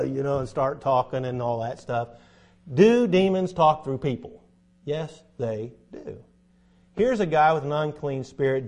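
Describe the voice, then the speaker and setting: A middle-aged man teaching a Bible lesson in sermon style, emphatic, with sudden loud bursts for stress. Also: mid-range voice.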